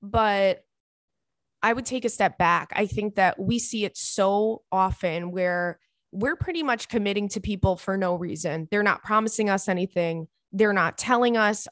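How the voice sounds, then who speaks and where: A woman's voice: mid-range voice, normal speed, a bit bright, dry recording, studio quality. A young woman hosting a podcast, giving listeners frank, casual advice and swearing freely. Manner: blunt, candid, swears freely. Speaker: podcast host.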